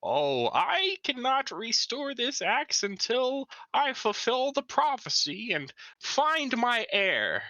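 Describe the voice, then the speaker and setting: A man's voice: extremely high pitch, wildly swooping pitch, takes it slowly, few pauses, pushed and bright, no room sound, dull audio, full character voice. A man voicing an ancient exiled male minotaur king who speaks in a grand, formal manner and coughs between his words.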